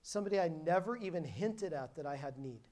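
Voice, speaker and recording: A woman's voice: sits low, animated, fast talker, mellow. Woman preacher telling an emphatic testimony. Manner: emphatic storytelling with frequent restarts. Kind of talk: sermon with personal testimony.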